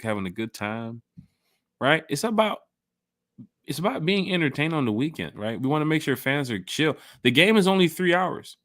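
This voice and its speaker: A man co-hosting a casual sports fan podcast, hyped and slangy, shouting out viewers in the chat. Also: fairly high pitch, no echo, clean studio sound. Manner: animated, hype, slangy, reads chat shout-outs. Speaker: podcast co-host.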